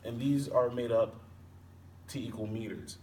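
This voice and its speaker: A man teaching a lesson on poetic meter, explaining slowly and repeating and sounding out words. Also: mid-range voice, steady tone, mellow. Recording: distant mic with faint background noise.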